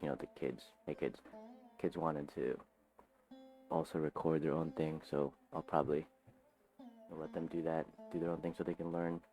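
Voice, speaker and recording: A man with a very low voice talks casually at home right after waking up. He rambles and jumps between ideas, swearing now and then. Soft guitar music plays faintly behind him. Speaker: aspiring author. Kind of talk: casual morning vlog, thinking aloud. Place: home, just woken up.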